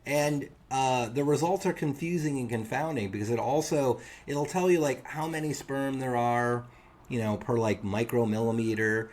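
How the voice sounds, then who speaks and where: A man's voice: medium pitch, normal speed, a little mellow. A man co-hosting a podcast, telling a funny story in casual chat and acting out the other people's lines. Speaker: podcast co-host.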